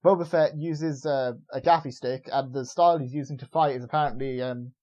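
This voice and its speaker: A man chats as a review co-host, hesitant and loose with lots of uhs and likes. His voice sits at an everyday middle pitch. The recording sounds dull and lo-fi. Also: fairly even intonation, brisk, darkish tone. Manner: loose, hesitant, full of fillers. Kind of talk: casual review chat.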